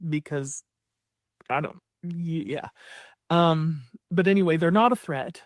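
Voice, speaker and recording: A self-described psychic woman talking to her followers in a social media clip, measured and hesitant, pausing often. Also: deep voice, dry recording, studio quality.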